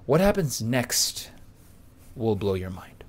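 A man narrating a podcast story from a script, with a boastful, pumped-up delivery. He leans on crude slang and gets louder at the exciting parts. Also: medium pitch, slow. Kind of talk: reading a first-person anecdote aloud.

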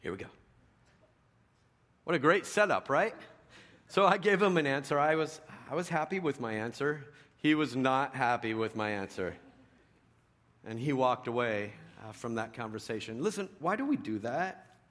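A middle-aged man preaching a sermon in a conversational storytelling way, dropping to a hush and rising to loud emphasis. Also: mid-range voice, animated, normal speed. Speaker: pastor.

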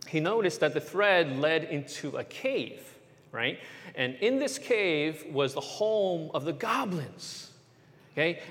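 A pastor telling a children's sermon as an animated story, often checking in with his listeners with "right?". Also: on the high side, big-room sound.

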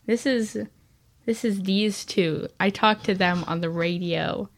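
A woman co-hosting a podcast in casual chat, a lively storyteller who laughs often and acts out the people she quotes. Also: medium pitch, unhurried, no room sound. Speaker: podcast co-host.

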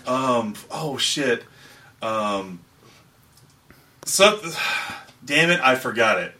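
A man's voice: mid-range voice, lively intonation, very slow, sharp tone, distant mic. A man co-hosting a casual movie podcast, talking loosely, swearing and laughing often. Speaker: podcast co-host. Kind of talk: casual movie review chat.

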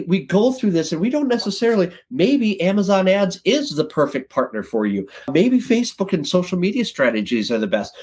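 Husky, lively male podcast guest. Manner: lively, jumps up in pitch when excited. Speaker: guest, sales director. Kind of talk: casual podcast storytelling.

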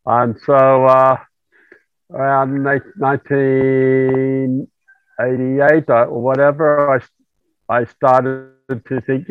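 A middle-aged Australian man speaking as a guest over a remote call, talking in an unhurried way with many fillers. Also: medium pitch, level tone, clean tone, no echo. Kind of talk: remote interview. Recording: tinny call line, very dry.

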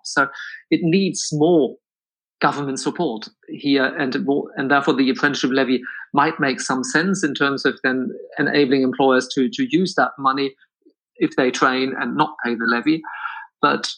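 A man from Germany, a guest in an interview, explaining in a measured way with frequent restarts. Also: medium pitch, fairly even intonation, fairly bright tone, low-quality recording. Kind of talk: conversational interview answers.

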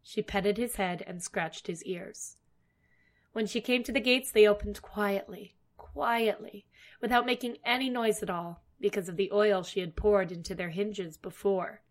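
A woman narrating a fairy tale aloud, expressive and dramatic. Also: medium pitch, moderate pace. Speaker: storyteller. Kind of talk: storybook narration.

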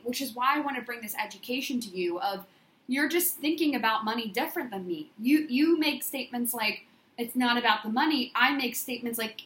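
A woman's voice: fairly high pitch, a little fast, fairly bright tone, echoey room. A woman business coach giving an emphatic, repetitive motivational monologue in affirmation style.

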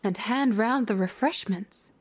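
A woman's voice: medium pitch, unhurried, breathy edge. A woman reading young Alice, curious. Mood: wishful.

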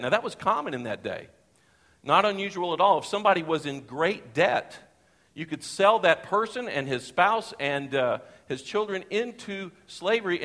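A man's voice: fairly high pitch, a bit bright, long reverb tail. A man preaching a sermon with emphasis, repeating key phrases and putting questions to his congregation. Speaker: pastor.

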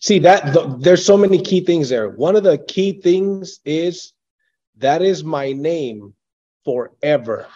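A man's voice: a little high, takes it slowly, mellow. A man hosting a casual discussion, prompting his guest with leading questions. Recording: dull lo-fi sound.

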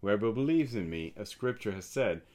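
A man reads aloud the words of a calm, solemn teacher, delivering them in an earnest, measured way. His voice sits fairly low and sounds natural, and he never hurries.

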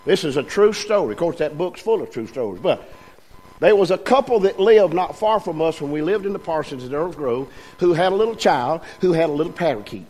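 A man's voice: a little high, expressive, a little fast, a little mellow. An older man, a pastor telling folksy stories in a sermon and asking his congregation questions. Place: church sanctuary.

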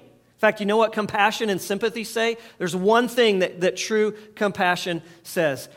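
A man's voice: sits high, normal speed, fairly bright tone. A middle-aged man preaching a sermon in a conversational way, leading his listeners to repeat phrases back to him. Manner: conversational preaching, leads the audience in call-and-response. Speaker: pastor.

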